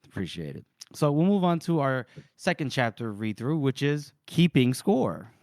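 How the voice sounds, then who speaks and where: A man co-hosting a book podcast in casual chat, wry and quick to apologize in jest. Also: mid-range voice, big pitch swings, a little mellow, dry recording, clean studio sound. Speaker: podcast co-host.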